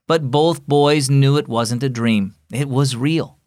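A man's voice: mid-range voice, unhurried, few pauses, a little mellow, dry recording, clean studio sound. A man hosting a children's devotional program, reading scripted narration in an encouraging storyteller's way.

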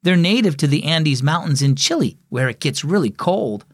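A man's voice: fairly high pitch, no echo, clean studio sound. A man voicing a spirited, hot-tempered young girl in a children's audio story. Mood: chatty. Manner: excitable, quick to flare up.

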